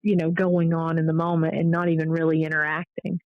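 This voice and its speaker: A woman's voice: low voice, fairly quick. Woman telling a story on dull audio. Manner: animated storytelling, fillers and restarts. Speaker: paranormal investigator guest. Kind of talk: casual interview storytelling.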